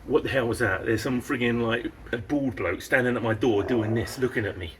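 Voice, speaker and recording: A man, telling a dramatic story in a casual vlog, animated and swearing often. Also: mid-range voice, brisk, slight background noise. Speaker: vlogger.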